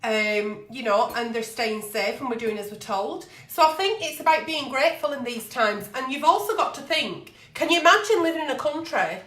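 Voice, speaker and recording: Blunt sweary agony aunt. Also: female voice, high-pitched, expressive, moderate pace, hardly any pauses, a bit bright, roomy sound. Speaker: agony aunt show host. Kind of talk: live-streamed advice chat.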